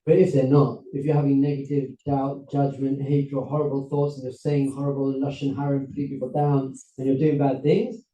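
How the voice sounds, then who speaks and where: A man, a rabbi, giving an animated storytelling talk to a seminar audience, acting out characters as he goes. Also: medium pitch, fairly quick, hardly any pauses, reverberant, distant mic, dull audio. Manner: animated, acts out characters with voices and laughs. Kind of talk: lively storytelling lecture.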